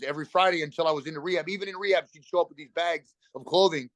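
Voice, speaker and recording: A middle-aged man telling a raw personal recovery story as a podcast guest, talking fast and bluntly with emotion and free swearing. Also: a little high, no echo.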